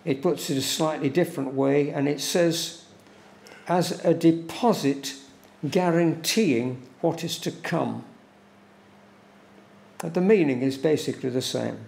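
Slow gravelly preacher in echoing church. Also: male voice, fairly high pitch, darkish tone. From England. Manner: slow, deliberate preaching with emphatic repetition. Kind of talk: sermon. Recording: echoey church room.

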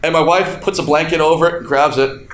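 A man's voice: a little high, fairly even intonation, fast, fairly bright tone. A man preaching a sermon, telling a story with laughs and acted-out quotes as the congregation responds. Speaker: pastor. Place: church hall. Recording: echoey hall with faint room noise.

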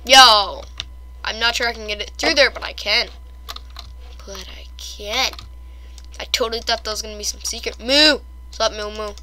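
Young woman, gameplay commentary, excitable, very bright sharp voice, keyboard typing behind. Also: mid-range voice, normal speed, pauses often, a little hiss or hum. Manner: excitable, shrieks and gasps at fails. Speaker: gamer.

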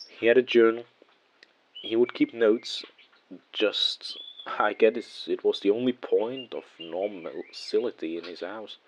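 A man telling a first-person horror story in a measured, hushed way, letting phrases trail off softly. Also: fairly low pitch, dull audio. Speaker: narrator.

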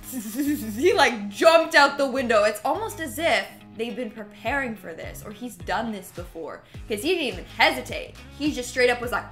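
A woman hosting a reaction video, chatting casually and laughing often, swinging between loud outbursts and soft asides. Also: mid-range voice.

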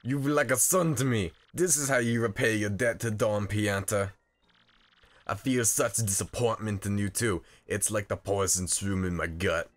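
A man's voice: fairly low pitch, normal speed, lightly acted. A man voicing a stern mafia boss who is a large island creature, growling out game dialogue in a tough-guy manner.

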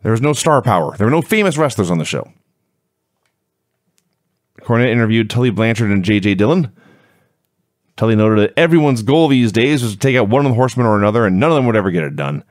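A man's voice: medium pitch, very animated, quick pace, long pauses, dry recording. Dry, sarcastic male podcast co-host. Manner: dry, sarcastic play-by-play recap. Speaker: wrestling review podcast co-host. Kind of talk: casual chat, recapping.

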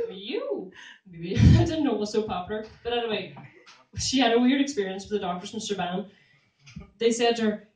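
A young woman doing stand-up in a small club, animated, laughing at her own jokes and whooping. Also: mid-range voice, normal speed. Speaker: stand-up comedian. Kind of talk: stand-up comedy set. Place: small comedy club room. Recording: echoey room, mic from far off.

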